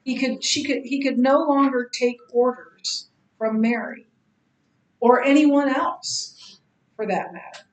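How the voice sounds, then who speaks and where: A middle-aged woman teaching a Bible study lecture, halting often with ums and restarts. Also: sits high, roomy sound, low-quality recording. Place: church classroom.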